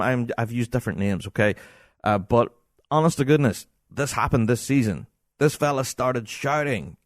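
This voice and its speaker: A man with a Scottish accent hosting a podcast, telling an exasperated, animated anecdote in casual talk. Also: medium pitch, no room sound, clean studio sound. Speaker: podcast host.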